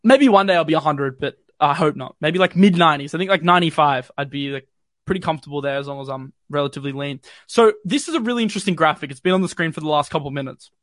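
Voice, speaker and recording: A man's voice: a little high, quick pace, fairly bright tone, no echo, clean studio sound. Young Australian man, casual stream host. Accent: mild city Australian. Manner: chatty, filler-heavy, reads viewer comments. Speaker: crypto livestream host. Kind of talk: casual live-stream chat. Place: home bedroom.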